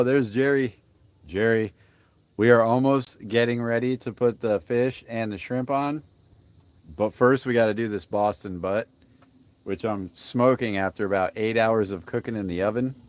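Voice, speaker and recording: A man's voice: lowish voice, dry recording. A young man hosting a casual live stream while grilling outdoors, rambling along and greeting viewers by name. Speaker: livestream cooking host.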